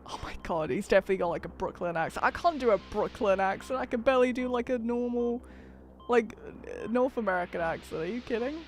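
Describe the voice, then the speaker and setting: A woman's voice: a little high, fast, faint music behind. A woman streaming a game, reading its text aloud and chatting in a giggly, self-deprecating way into a desk mic.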